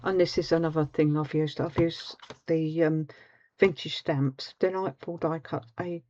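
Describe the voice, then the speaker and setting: A woman talks slowly through a craft demonstration, rambling with frequent ums. Her voice is soft and mellow. The recording sounds a little muffled, with a faint background hiss. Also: low voice, fairly even intonation, no room sound. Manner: chatty, rambling, with many ums. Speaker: craft tutorial host. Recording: slightly dull home recording.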